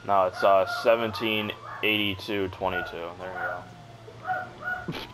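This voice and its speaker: A man's voice: low voice, fairly even intonation, measured pace, heavy background noise. A young man commentating casually over gameplay, crude and joking, swearing a lot. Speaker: gamer. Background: game music.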